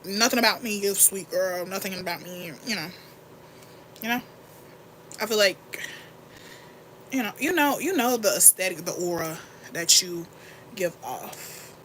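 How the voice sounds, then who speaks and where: A young woman chats in a bright, forward voice as she gets ready live on camera, rambling candidly and reacting to her viewers' comments. Her voice is close to a phone or webcam mic, with a faint room hum underneath. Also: mid-range voice, a little slow, long pauses. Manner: candid, rambling and animated, reads and answers chat. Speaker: livestream host. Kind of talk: casual get-ready-with-me livestream chat.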